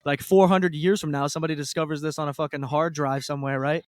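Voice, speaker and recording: A man's voice: a little high, fairly even intonation, dry recording. A man co-hosting a podcast, riffing on jokey tangents in casual chat. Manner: quick, jokey, riffs on tangents. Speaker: podcast co-host.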